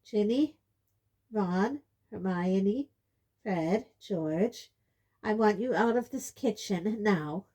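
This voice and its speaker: A woman reading an audiobook, voicing a distraught, fiercely protective middle-aged mother with a shrill, emotional manner. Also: very animated, slow pace, full character voice. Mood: upset, shouting. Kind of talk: audiobook character voice.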